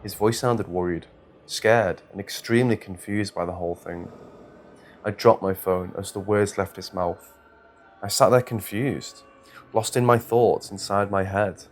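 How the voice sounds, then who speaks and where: A low-voiced man reads a first-person horror story in a measured, scripted way. A faint hiss sits under his voice.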